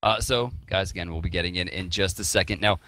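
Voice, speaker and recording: A lower-pitched male esports caster with a bright, forceful tone, breaking down strategy with confident, playfully exaggerated lines. Dry and close to the mic. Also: fast talker, dry recording. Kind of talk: analytical commentary.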